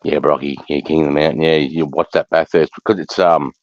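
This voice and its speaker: Very deep-voiced Australian man, sweary chat. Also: fairly even intonation, fairly quick, no echo, dull audio. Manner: blunt, sweary, rambling. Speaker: livestream host. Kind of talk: casual chat.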